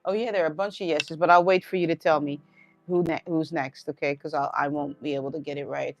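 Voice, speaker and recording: A woman's voice: deep voice, steady tone, slight background noise. A woman hosting a sound-healing live stream, chatting casually with listeners, laughing often and checking in with "all right?". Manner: slow, dreamy voice when describing visions. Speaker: host and sound healer.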